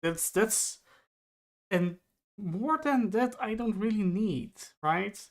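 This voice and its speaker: Man from the Netherlands, stream co-host, halting speech, many restarts. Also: high voice. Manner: halting, restarts, searches for words. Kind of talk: casual stream chat.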